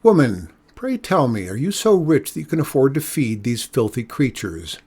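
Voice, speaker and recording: Gruff, rude old keeper, read by a man, scornful storybook voice. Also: mid-range voice, expressive, moderate pace, close to an everyday voice. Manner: mocking, scornful, calls loudly.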